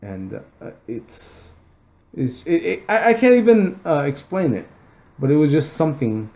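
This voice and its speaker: A man's voice: a little high, sing-song, unhurried, a little mellow. A man chatting as a podcast guest, stumbling over repeated words and swearing often. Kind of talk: casual podcast chat.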